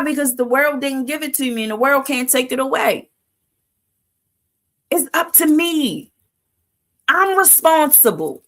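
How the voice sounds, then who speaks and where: A woman's voice: on the high side, gravelly, bright, forceful tone. A woman hosting a livestream who gives a motivational talk in casual vernacular, asking "Why?" before each answer. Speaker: livestream host.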